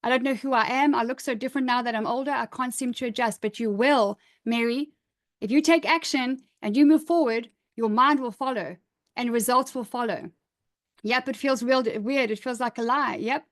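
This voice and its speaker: Middle-aged woman coach, slightly high voice, upbeat and emphatic, encouraging workshop style. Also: moderate pace. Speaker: image coach. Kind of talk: live online workshop, reading out participants' comments.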